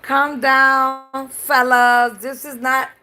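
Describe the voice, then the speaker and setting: Puerto Rican woman, live-stream chat, bright, sharp tone, bilingual code-switching, blunt. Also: sits high, level tone, drawn-out words, soft background music. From Puerto Rico. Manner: switches between English and Spanish mid-sentence; blunt and swears freely.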